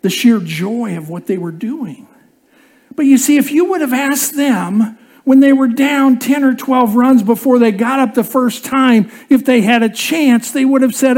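At a measured pace, a preacher delivers a sermon that includes an animated, funny anecdote he chuckles through, then he grows quiet and low when the points turn serious.

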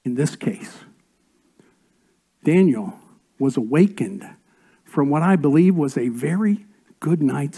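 A pastor preaching a sermon, rising to loud emphatic lines and dropping to near-whispered asides. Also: male voice, fairly high pitch, slow, long pauses, breathy edge. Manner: swings between raised emphatic lines and soft whispered asides.

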